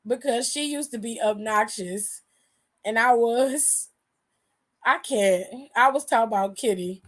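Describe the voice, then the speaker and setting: A woman with a high voice hosts an aftershow, recapping events in loose, casual slang at a measured pace. She's very animated and slips into the voices of the people she quotes.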